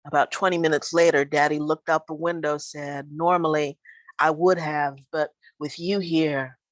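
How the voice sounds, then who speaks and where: A woman's voice: low voice, steady tone, normal speed, no room sound, rough recording. A woman performing spoken word poetry live, with a rhythmic, emphatic delivery and weary repeated refrains.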